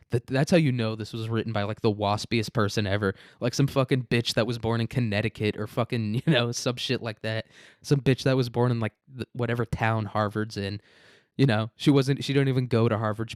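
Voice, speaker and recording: A man's voice: mid-range voice, no room sound. Crude rambling young man, dry close mic. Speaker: host. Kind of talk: profane comedic news commentary.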